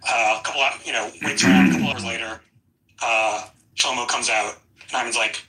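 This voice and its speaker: A man's voice: fairly low pitch, fairly even intonation, fairly quick, bright, forceful tone, recorded from a distance, poor audio. A man telling a joke in a voice chat, in a hesitant, stumbling way with many restarts.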